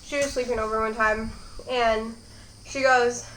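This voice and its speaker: A young woman with a fairly high voice rambles casually through a mukbang, chatting between bites. She is recorded in an echoey room at home. Faint crickets sound in the background. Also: steady tone, unhurried, fairly bright tone, slight background noise. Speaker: mukbang host. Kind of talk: casual chat while eating.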